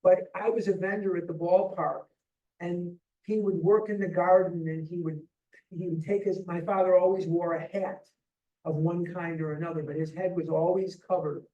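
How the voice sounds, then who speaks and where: At a recovery retreat, a man of about seventy from the Chicago area gives a personal testimony, speaking with heartfelt emphasis and restarting often. His high voice is warm and steady at normal speed, and the lo-fi recording comes from a roomy hall with the mic far off.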